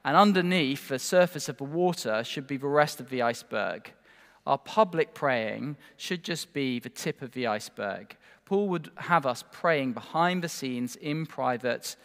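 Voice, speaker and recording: A man delivers a sermon in an earnest, emphatic way, now and then turning to the listeners with a rhetorical question. His voice sits at a middling pitch for a man. A long reverb trails each phrase, as in a church hall. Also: a bit bright. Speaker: preacher.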